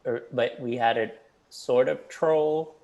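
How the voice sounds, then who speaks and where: A man, a festival organizer, chatting casually on a video call with a relaxed, rambling manner and frequent laughs. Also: mid-range voice, slow pace, creaky, highs cut off.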